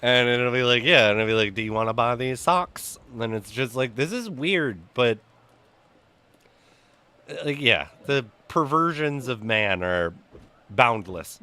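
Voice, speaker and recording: A man's voice: medium pitch, unhurried, smooth. A young man streaming games, chatting casually and telling stories with lots of swearing. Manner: profane, animated storytelling. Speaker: gaming streamer.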